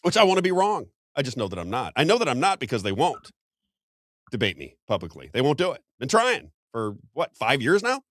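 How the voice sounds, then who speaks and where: A man's voice: mid-range voice, wildly swooping pitch, brisk, a bit bright, no echo, studio quality. A man hosting a political talk show, talking in a heated way with frequent stumbles and restarts. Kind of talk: political commentary.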